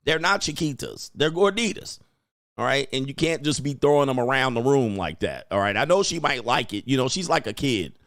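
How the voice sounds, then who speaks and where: A man hosting a livestream, reacting in casual commentary with drawn-out exclamations and chuckles. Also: mid-range voice, lively intonation, vocal fry, fairly bright tone, dry recording, clean studio sound. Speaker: livestream host.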